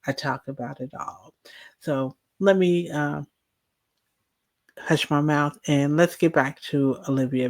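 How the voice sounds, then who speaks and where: A woman's voice: low voice, a little mellow. A woman hosting a reaction channel, chatting casually and dropping wry asides over a clip.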